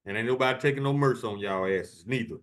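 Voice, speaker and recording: A man's voice: medium pitch, fast talker, fairly bright tone. A man preaching fiery sermons, reading verses aloud in solemn tones and then taunting his enemies with profanity.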